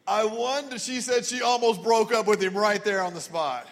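A man preaching a sermon with a fairly high voice, telling stories and dropping to a hushed tone when he quotes someone. His voice rings with the long reverb of a large church hall. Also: normal speed, few pauses. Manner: storytelling, drops to a hushed voice for quoted words. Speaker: pastor.

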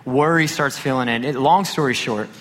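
A man, a pastor, preaching a sermon and telling a personal story with lively quoted dialogue. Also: medium pitch, moderate pace. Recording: long hall reverb.

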